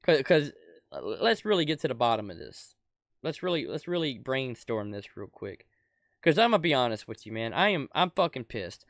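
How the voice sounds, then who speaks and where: A young adult man giving an angry, profane political rant as a commentator, swinging from shouted outbursts to low muttering. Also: big pitch swings, normal speed, vocal fry, no room sound, clean studio sound.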